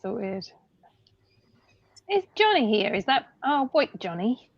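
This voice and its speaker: Slow, high-voiced woman streaming. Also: big pitch swings, dry recording. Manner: slow-paced, laughing, welcoming viewers. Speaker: live stream host. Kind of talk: casual group chat. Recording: dull lo-fi stream audio, faint noise.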